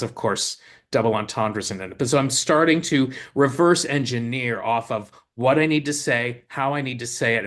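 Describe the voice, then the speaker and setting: A lyricist and co-host in casual talk, explaining his craft with eager restarts as he thinks aloud. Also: mid-range voice.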